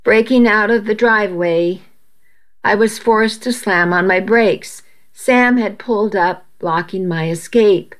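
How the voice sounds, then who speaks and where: A woman narrating a first-person story aloud in a steady, measured way. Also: medium pitch.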